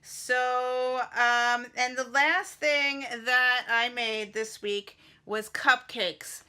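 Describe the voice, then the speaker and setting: A woman's voice: sits high, fairly even intonation, drawn-out words, bright, forceful tone, smooth. A middle-aged woman talking casually to her vlog audience in a rambling, chatty way with many fillers. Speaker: vlogger.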